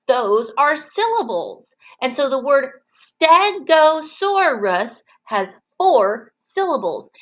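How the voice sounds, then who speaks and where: Her pitch is high with a slightly bright edge as she runs an online circle time for preschool children. She talks slowly and warmly, stretching each word so the little ones can clap out its syllables, though the sound is poor.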